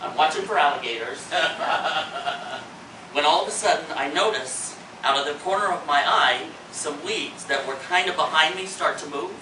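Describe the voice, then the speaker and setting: A man spins a comic tale to a live audience in a theater, his voice high and lively. The sound is roomy and caught from a distance, with steady noise underneath. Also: normal speed. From Indiana. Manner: animated, acts out his panic, shrieks lines. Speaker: storyteller in a one-man show. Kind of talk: comic stage storytelling. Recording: roomy hall, mic from afar, noisy.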